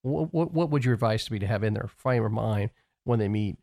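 A man's voice: lowish voice, fairly quick, darkish tone, no echo, clean studio sound. A man in his forties hosting an interview, asking questions and affirming his guest with murmured acknowledgments. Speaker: podcast host.

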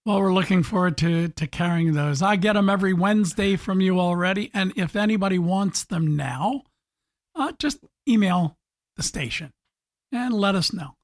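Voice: medium pitch, normal speed, dry recording, clean studio sound. A radio talk show host leading a casual, chatty conversation and laughing easily. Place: radio studio.

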